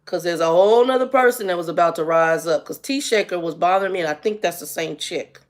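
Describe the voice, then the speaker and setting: Woman in her fifties, casual storytime vlog, animated, exasperated, acts out the dialogue. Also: lowish voice, fast talker. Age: 50s. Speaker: vlogger.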